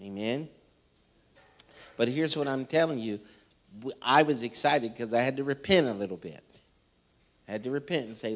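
A man, a pastor addressing his church in sermon style and punctuating his lines with amen and hallelujah. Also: normal speed. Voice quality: squeaky. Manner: peppers talk with amen and hallelujah. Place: church sanctuary.

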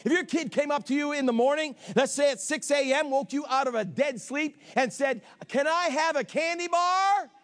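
High-voiced, emphatic male pastor preaching. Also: a little fast, hardly any pauses. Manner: emphatic, with sudden shouted lines and playful asides. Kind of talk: sermon.

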